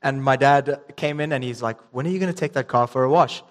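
A man's voice: mid-range voice, quick pace. A young man preaching a sermon, reading scripture and telling a casual story with ums and restarts. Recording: long reverb in a hall.

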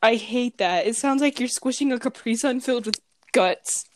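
A woman's voice: on the high side, moderate pace, a little hiss or hum. Goofy, jokey young woman. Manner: goofy, jokey, laughs often. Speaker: podcast co-host. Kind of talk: casual chat between friends. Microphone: headphones and a desk mic.

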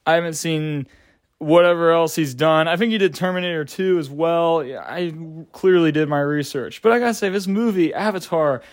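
A young man reviews a film in a loose, rambling way, full of filler words and the odd casual curse. His voice sits a little higher than most men's, and the recording is dry and close, with no room sound. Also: moderate pace, no echo. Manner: rambling, filler-heavy, slangy, swears casually. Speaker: movie reviewer.

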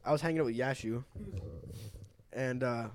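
A young man co-hosting a podcast, teasing his friends in quick banter and telling an anecdote. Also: medium pitch. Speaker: podcast co-host. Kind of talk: casual chat.

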